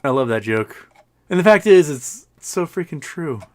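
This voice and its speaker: A man's voice: on the high side, lively intonation, moderate pace, a little hiss or hum. A man in his forties hosting a casual livestream, rambling and joking and laughing at his own jokes. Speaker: livestream host.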